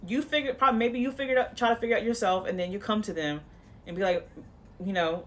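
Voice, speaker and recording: Woman tarot reader, casual monologue, blunt and profane, coaching tone, rambles and restarts, mid-pitched voice. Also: brisk, pauses often, slight background noise. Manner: rambling with frequent restarts and "you know".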